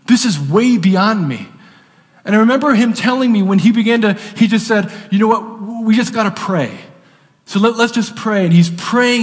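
Guy preaching in a big echoey church, fairly high voice, earnest storytelling. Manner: earnest storytelling, repeats words for emphasis. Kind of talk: sermon. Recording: long reverb of a large hall.

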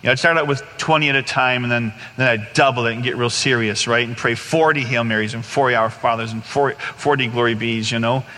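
A man in his forties giving an animated personal testimony to a congregation, acting out scenes as he tells them. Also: medium pitch, quick pace, few pauses, big-room sound. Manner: animated storyteller, acts out scenes.

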